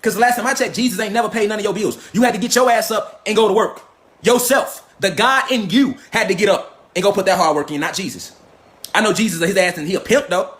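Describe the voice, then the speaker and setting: A man's voice: high-pitched, fast, a bit bright. A man in a profane, confrontational ranting monologue, firing rhetorical questions. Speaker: commentator.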